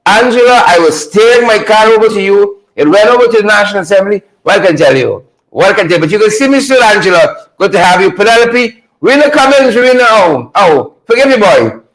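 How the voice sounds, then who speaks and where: A man hosting a live stream, greeting viewers by name and repeating his phrases with high energy. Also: expressive, brisk, few pauses, poor audio. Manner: repetitive, hypes viewers with shout-outs.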